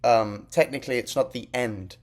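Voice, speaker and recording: A man's voice: medium pitch, normal speed, a little mellow. Young man giving a casual class talk. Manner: conversational, explaining on the fly. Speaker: student presenter. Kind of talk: class presentation.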